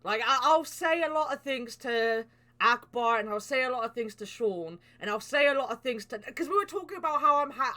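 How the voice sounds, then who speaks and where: A woman hosting a podcast in casual chat, animated and swearing freely. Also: sits high. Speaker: podcast host.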